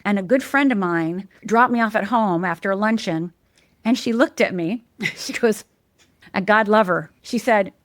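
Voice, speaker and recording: Emphatic and teacherly, a guest life coach talks through an animated interview at a moderate pace, repeating important words. She leaps up in pitch to imitate the people she quotes, captured in a dry, studio-quality recording.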